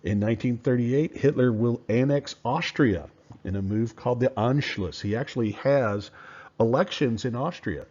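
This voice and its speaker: A man teaching history in a relaxed, conversational lecture, with fillers and rhetorical questions. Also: medium pitch, moderate pace. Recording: dull lo-fi recording.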